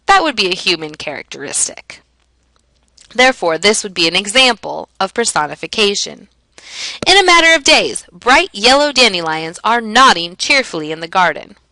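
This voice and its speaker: A woman teacher explaining a lesson in a clear, emphatic way, asking and answering her own questions. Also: medium pitch, very animated, moderate pace, sharp tone, no room sound, poor audio. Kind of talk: classroom lesson narration.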